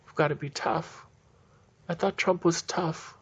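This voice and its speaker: Gravelly man ranting indignantly. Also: on the high side, steady tone, unhurried, muffled recording. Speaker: political commentator. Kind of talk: solo political commentary.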